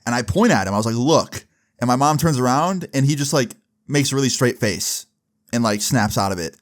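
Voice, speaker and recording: A man's voice: mid-range voice, expressive, brisk. A young man casually telling a story to camera, exasperated and swearing freely. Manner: profane, exasperated retelling. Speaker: storytelling vlogger.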